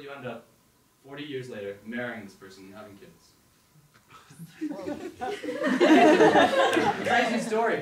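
A young man telling an animated second-person story at an open mic, acting out the thoughts he quotes. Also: on the high side. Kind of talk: storytelling monologue. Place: performance hall. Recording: echoey hall, distant mic, faint noise.

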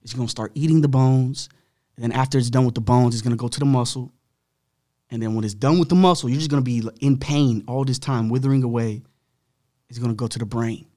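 Podcast guest, young man, slightly rough voice, animated casual storytelling that acts out the dialogue. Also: mid-range voice, quick pace.

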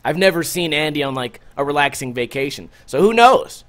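Animated, profane male podcast host. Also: a little high, fairly quick. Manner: animated, profane storytelling with acted-out quotes. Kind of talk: casual storytelling podcast.

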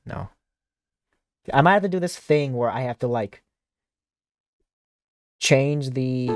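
A man's voice: fairly high pitch, darkish tone, dry recording, studio quality. Rambling man talking through a game. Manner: rambling, self-talking, lots of fillers and restarts. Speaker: streamer playing a horror demo disc. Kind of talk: casual let's-play commentary.

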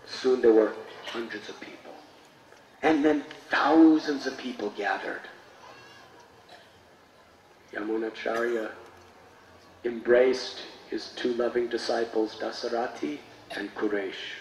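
A man, a spiritual teacher, telling a sacred story in a sermon with slow, dramatic delivery. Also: medium pitch, fairly even intonation. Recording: echoey, distant mic, faint noise.

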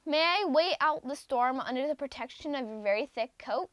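A courteous snowshoe hare, asking formally for shelter from the storm, read by a woman. The voice is high and the room sounds dry and close. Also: lively intonation, normal speed, a bit bright, dry recording. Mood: polite. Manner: polite, formal. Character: polite chilly young male snowshoe hare.

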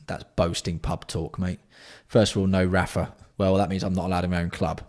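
A man hosting a casual livestream, bantering with chat and swearing freely while keeping his voice fairly hushed. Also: sits low, little pitch movement, a little fast, hardly any pauses. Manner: banter-filled, sweary, reads out and answers chat. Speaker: livestream host.

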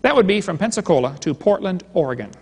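A man's voice: high voice, big pitch swings, fast, gravelly, breathy edge. A man giving a live seminar lecture, telling stories and jokes and acting out his dialogues. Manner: joking storyteller, retelling dialogues. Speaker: creationist seminar speaker. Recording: long hall reverb.

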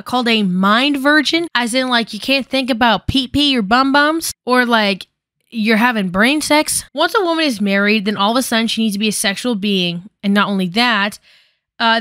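A young woman gives a casual video essay in a bright, smooth voice with a sarcastic edge. She talks loosely and irreverently. The recording is close and dry, with no room sound. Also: a little high, dry recording. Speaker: YouTube commentator.

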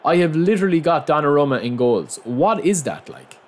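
A young man giving running commentary over his own football video game, muttering to himself and breaking into loud outbursts of frustration. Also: on the high side, animated, brisk. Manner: frustrated, muttering self-talk that bursts into loud outcries at the game. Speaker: gaming channel host.

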